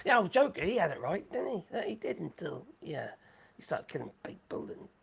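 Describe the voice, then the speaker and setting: A woman hosting a live stream in rambling chat, excitable, swearing freely and laughing a lot. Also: fairly low pitch, fairly quick, gravelly, breathy edge.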